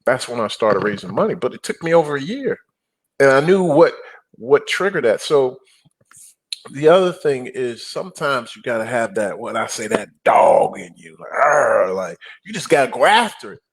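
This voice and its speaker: A middle-aged man chatting as an interview guest, his voice at an ordinary middle pitch. He tells stories with lots of energy, acting out quotes and throwing in growls to make a point. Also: moderate pace, breathy edge. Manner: animated storyteller, growls and acts out quotes. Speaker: guest, apartment investor. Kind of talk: casual interview talk.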